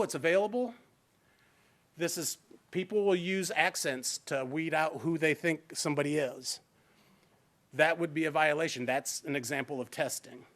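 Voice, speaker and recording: A man's voice: fairly high pitch, fairly bright tone. A man leading a fair housing training workshop in a chatty, informal, conversational way, speaking into a handheld microphone in a training room. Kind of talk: workshop lecture.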